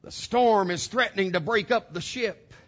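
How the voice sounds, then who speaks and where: A man's voice: sits high, moderate pace, a bit bright, highs cut off. A man preaching a sermon to his congregation, emphatic and direct, throwing out rhetorical questions. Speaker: pastor.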